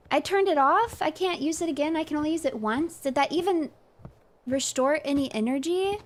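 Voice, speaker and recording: A woman's voice: sits high, normal speed. Exasperated woman streaming a game. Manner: animated, exasperated, reads dialogue aloud. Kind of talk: live game commentary.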